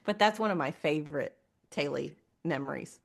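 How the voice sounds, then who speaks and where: A woman's voice: deep voice, moderate pace, vocal fry. A woman, co-hosting a casual podcast and telling family stories with lots of laughter and acted-out quotes. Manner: animated storytelling, laughs often, acts out quotes. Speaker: podcast co-host. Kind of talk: casual chat.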